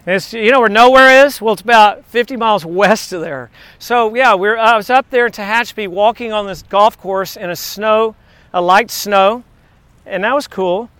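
Excitable high-voiced man telling faith stories. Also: normal speed, smooth, no echo. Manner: excitable, chatty, digressive. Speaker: teacher giving a devotional message. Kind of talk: rambling faith storytelling to a class.

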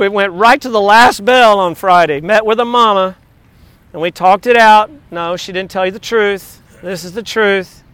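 A man's voice: high voice, clear, resonant tone, no echo. A middle-aged male pastor preaching a sermon with energy, breaking into sung worship lyrics and quoting texts from friends. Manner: animated, sings along and speaks lyrics.

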